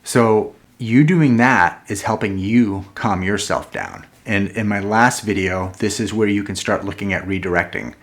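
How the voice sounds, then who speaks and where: Calm, earnest man with a low voice. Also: measured pace, few pauses. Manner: earnest, calm and explanatory, with a playful mock-angry skit. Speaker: parenting vlog host. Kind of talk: casual talk to camera.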